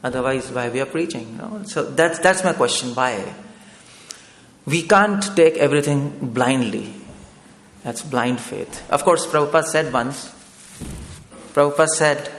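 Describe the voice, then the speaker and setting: This man's mid-range voice is a bit bright, and he takes his time as he preaches a discourse in a temple hall. Step by step he questions his listeners, frequently asking "no?" to win their agreement. The recording carries the long reverb of an echoey hall.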